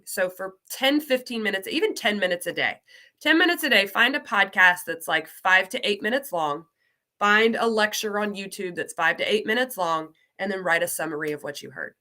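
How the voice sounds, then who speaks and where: Woman, light Southern American accent, bright clear tone, chatty exclamatory teacher, online class talk. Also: medium pitch, expressive, moderate pace. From Southern United States. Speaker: ESL program coordinator.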